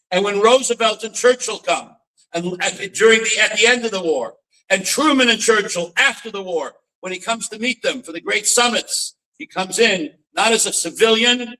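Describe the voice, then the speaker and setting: A man gives a dramatic storytelling lecture, his voice high and bright as he circles back over his own words. He is picked up from a distance, so his voice carries a faint sense of the room. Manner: dramatic storytelling with repeated restarts and Yiddish phrases. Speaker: rabbi and author.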